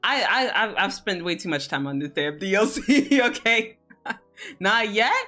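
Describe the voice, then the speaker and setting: A woman's voice: medium pitch, expressive, unhurried, sharp tone. A young adult woman chatting casually on a live stream, laughing often and swearing freely. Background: faint music.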